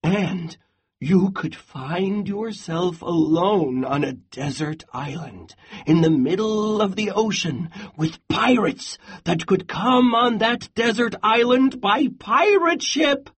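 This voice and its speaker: A reader voicing a cautious goat who warns about every danger, in a slow storybook read-aloud. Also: very animated, breathy edge, heavily acted. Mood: alarmed. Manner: slow, worried warnings, rising to high exclamations.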